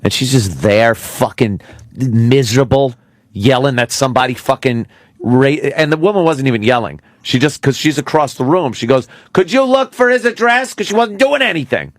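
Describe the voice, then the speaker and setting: A man's voice: medium pitch, lively intonation, moderate pace, no room sound, clean studio sound. A middle-aged man hosting a radio talk show, telling a rambling, profane story with many restarts.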